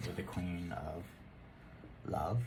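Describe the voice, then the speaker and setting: A man's voice: deep voice, fairly even intonation, very slow, background noise. A man giving a rambling, casual tarot reading, laughing and muttering asides to himself. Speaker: tarot reader.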